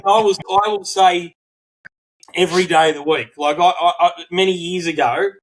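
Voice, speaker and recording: A middle-aged Australian man co-hosting a podcast, telling a story in casual chat, swearing freely and acting out quotes in animated bursts. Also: sits high, moderate pace, poor audio. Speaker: podcast co-host.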